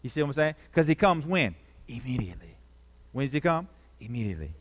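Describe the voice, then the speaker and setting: A man's voice: medium pitch, big pitch swings, fast talker, long reverb tail. A male pastor preaching a sermon, calling out questions to the congregation and repeating key phrases.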